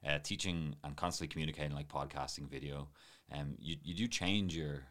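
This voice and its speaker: A man's voice: rumbling low, brisk, a bit bright. A man, a martial arts teacher chatting on a podcast in a rambling, self-deprecating way. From Ireland. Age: late 20s. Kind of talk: casual podcast chat.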